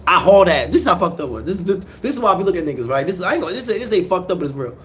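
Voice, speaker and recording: A man telling a street story in casual, slangy talk, swinging from low mutters to loud outbursts and repeating words as he goes. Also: very animated, rapid-fire, a little hiss or hum.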